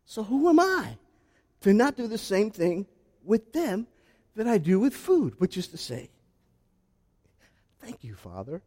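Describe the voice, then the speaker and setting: A man preaching a sermon as pastor, swinging from hushed, low asides to loud, shouted lines. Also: huge pitch swings, measured pace, long pauses, big-room sound. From South Carolina.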